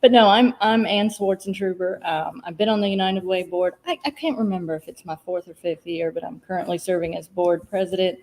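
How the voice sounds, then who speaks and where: A woman's voice: on the low side, a little fast, hardly any pauses, a little mellow, poor audio. A woman, a charity board president, chatting on a live radio broadcast.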